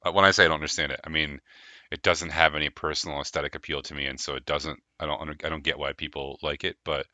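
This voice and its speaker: A man hosting a live tabletop game stream as game master, talking casually with quick laughs and rambling restarts. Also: very deep voice, little pitch movement, bright, forceful tone, no room sound.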